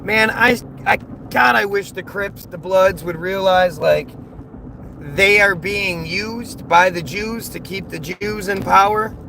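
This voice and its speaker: Inside his moving car, an American man livestreams in a high, creaky, pushed and bright voice, speaking slowly. He reads viewers' chat aloud and rants in a rambling way, repeating words over the sound of car and road noise.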